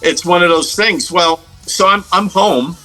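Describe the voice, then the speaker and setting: A man's voice: sits high, a little slow, sharp tone, faint music behind, low-quality recording. A middle-aged man from the United States, a guest guitarist telling stories in a casual interview, rambling with many fillers and restarts.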